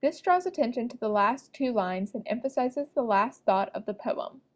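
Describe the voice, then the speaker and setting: A woman reading a prepared script, presenting an educational narration in an even, explanatory way. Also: on the high side, moderate pace.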